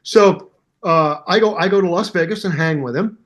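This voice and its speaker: A man in his seventies, a musician guest in an interview, telling anecdotes in a hyper, animated way and acting out the voices of people in his stories. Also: fairly high pitch, a little fast, highs cut off. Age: 70s. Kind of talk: storytelling interview.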